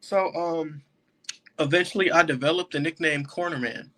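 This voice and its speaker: A man's voice: a little high, steady tone, moderate pace, bright, forceful tone. A young man, a jail deputy and podcast guest, telling a story casually and laughing often as he goes. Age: young adult.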